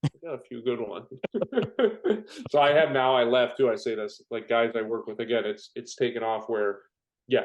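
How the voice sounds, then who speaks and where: A man's voice: fairly low pitch, low-quality recording. A young man, a firefighter guest on a podcast, telling jokey stories and acting out quotes. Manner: joking storyteller, acts out quotes. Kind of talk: casual conversation.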